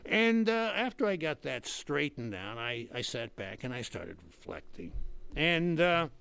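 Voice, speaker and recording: A man's voice: fairly high pitch, very animated, measured pace, gravelly, a bit bright, clean tone, voice pushed down, exaggerated voice. Pep, a man playing a pompous old politician. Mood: rambling. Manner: pompous, rambling, mocking voices of others. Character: pompous retired male politician monologuing from his estate. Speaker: comic character host. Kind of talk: comic character monologue.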